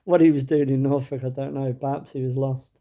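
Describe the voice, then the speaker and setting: With a medium-pitched, dark voice, level in tone and fairly quick, a man tells a comic anecdote to camera. His storytelling is chatty and wry, full of fillers and small restarts.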